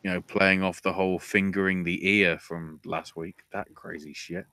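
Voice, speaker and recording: A man's voice: sits low, flat delivery, normal speed, hardly any pauses, sharp tone. A man hosting a podcast, recapping wrestling in a casual way with offhand, wry asides. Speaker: podcast host.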